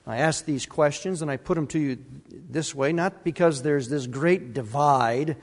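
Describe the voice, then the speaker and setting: Pastor, male, emphatic sermon delivery with repeated words, higher voice, long church reverb. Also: unhurried. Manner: emphatic, repeats key words, asks the congregation questions. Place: church sanctuary.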